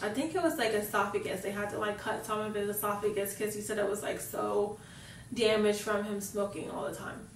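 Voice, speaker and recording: A woman's voice: mid-range voice, fairly even intonation, a little fast, distant mic, slight background noise. A young woman vlogger telling a personal story in a casual, chatty way, filling her sentences with "like". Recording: roomy echo, mic set back.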